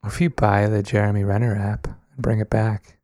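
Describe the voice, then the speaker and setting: A man's voice: lowish voice, level tone, normal speed, dark tone, no echo. A young man co-hosting a scripted comedy podcast in a dry, matter-of-fact way. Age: young adult. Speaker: podcast co-host.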